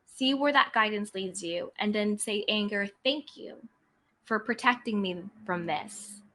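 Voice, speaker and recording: Bright-voiced woman giving calm self-help advice. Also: medium pitch, unhurried. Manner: calm, earnest, repeats guiding phrases. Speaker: podcast host, self-help coach. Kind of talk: motivational self-help talk.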